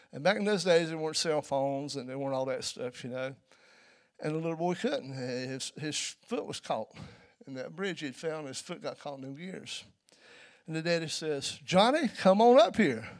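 A man preaching a sermon in a church, telling a story and building to loud, emphatic peaks. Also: fairly high pitch.

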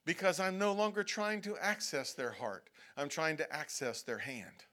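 A man's voice: fairly high pitch, normal speed, pushed and bright. Man preaching a conversational sermon. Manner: conversational preaching, frequent "okay?" checks, acted-out prayers and whining. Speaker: pastor. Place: church sanctuary.

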